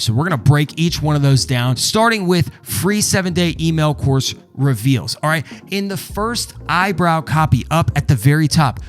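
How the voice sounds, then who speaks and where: A man teaching copywriting in a step-by-step walkthrough, emphatic and checking in often with the listener. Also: on the high side. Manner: emphatic, explains step by step with repeated "okay?" check-ins. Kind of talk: screen walkthrough tutorial.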